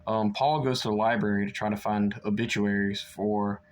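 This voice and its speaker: A man's voice: on the low side, steady tone, normal speed. A young man chatting casually through a book review, rambling with lots of fillers and restarts.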